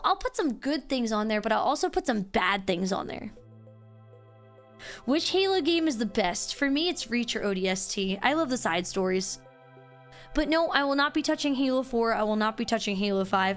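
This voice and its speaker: A woman live-streamer chatting casually with her viewers, bubbly and excitable, breaking into squeals. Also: high-pitched. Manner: bubbly, squeals and sing-song greetings.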